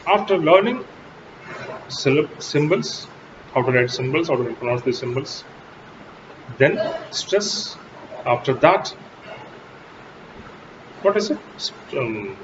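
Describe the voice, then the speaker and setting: A male English lecturer whose first language is Telugu delivers a recorded college lecture slowly and emphatically, with sharp pitch jumps on key words. The audio is dull and lo-fi, with steady background noise.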